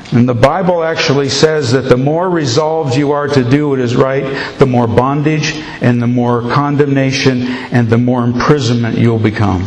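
A man's voice: medium pitch, steady tone, normal speed, a little hiss or hum. A male pastor preaching a sermon to his congregation, with an emphatic, repetitive cadence. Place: church sanctuary. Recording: echoey hall, faint ambience.

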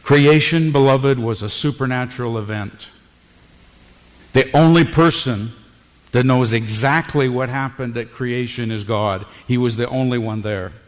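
A man's voice: medium pitch, a little slow. A man preaching a sermon as pastor, emphatic, with rising bursts of volume. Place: church sanctuary. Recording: long hall reverb.

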